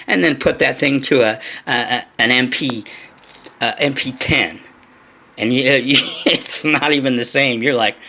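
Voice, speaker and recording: A man hosting a hobby vlog, talking bluntly to his viewers with frequent swearing, restarts and animated asides. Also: mid-range voice, fairly quick, creaky. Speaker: RC car channel host. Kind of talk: casual vlog rant to viewers.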